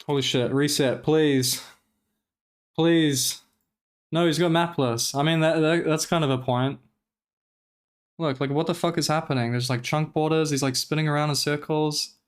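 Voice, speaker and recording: Man, streamer, smooth clear voice, casual profane commentary, exasperated rant. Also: on the high side, normal speed. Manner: animated, profane, exasperated ranting.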